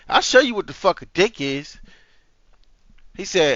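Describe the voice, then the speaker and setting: A man's voice: a little high, lively intonation, normal speed, long pauses, a bit bright, no room sound, highs cut off. A man hosting a reaction video, talking in a heated, profane, casual way.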